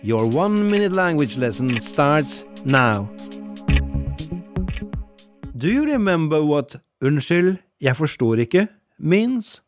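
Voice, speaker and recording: A man teaching a scripted audio language lesson, patiently repeating phrases slowly for learners. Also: on the high side, very animated, over music.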